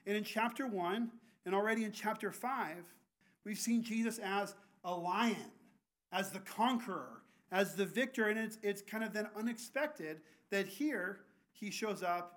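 A man's voice: high-pitched, a little slow, fairly bright tone. A man preaching a sermon as a pastor, earnest and often restarting his words.

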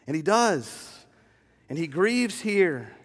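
A middle-aged male pastor preaches with a slightly high voice that carries a long reverb through the church sanctuary. He moves between slow, hushed tenderness and lively storytelling. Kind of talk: sermon.

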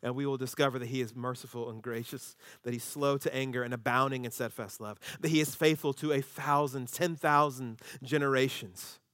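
A man preaching a sermon as a pastor, conversational and humorous, animated and shifting his voice when he acts out quotes. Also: medium pitch, brisk, few pauses, no echo, clean studio sound.

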